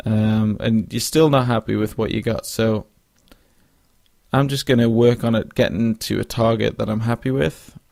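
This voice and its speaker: A man's voice: fairly low pitch, steady tone, normal speed, vocal fry, a little mellow, no room sound, studio quality. A young man hosting a casual solo podcast, rambling with lots of fillers and restarts and yawning now and then. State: yawning, drowsy. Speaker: podcast host.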